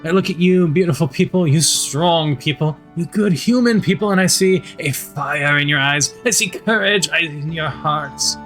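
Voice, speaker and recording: Man reading as stern governor, bright forceful rally voice. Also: normal speed, hardly any pauses, faint music behind, natural voice. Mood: rousing. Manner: booming speechmaking, pushy. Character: stern male colony governor, domineering.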